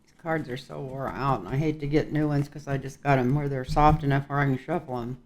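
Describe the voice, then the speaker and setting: A man's voice: medium pitch, fairly even intonation, brisk. An older man giving a casual tarot reading, talking in a rambling, folksy way with chuckling asides. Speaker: tarot reader.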